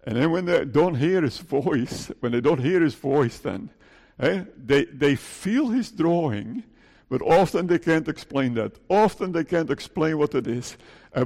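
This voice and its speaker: A man's voice: fairly high pitch, gravelly, a little mellow, long reverb tail. A male pastor preaching an earnest sermon, pleading and putting questions to his congregation. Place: church.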